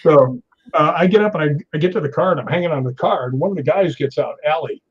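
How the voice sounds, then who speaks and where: Older male guest, husky and a bit high-pitched, lively storyteller, dull lo-fi audio. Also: fast talker. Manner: animated storyteller acting out quoted voices. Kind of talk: storytelling in an interview.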